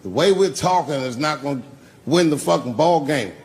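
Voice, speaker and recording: A man's voice: a little high, animated, moderate pace, darkish tone. A man doing live stand-up, telling stories in a loose, profane, conversational way. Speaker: stand-up comedian.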